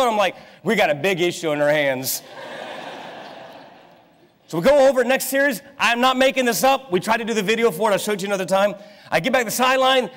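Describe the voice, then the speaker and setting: A man in his thirties preaching a sermon, telling a family story in a lively way and acting out the people in it. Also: high-pitched. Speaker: pastor. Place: church sanctuary. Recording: long hall reverb in a church.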